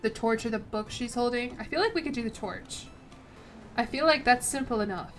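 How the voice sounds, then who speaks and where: A woman's voice: on the high side, fairly quick, faint music behind. Chatty, swearing woman streamer. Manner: reads game text aloud, stumbling and swearing; chatty asides with frequent "like". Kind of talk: casual gameplay commentary.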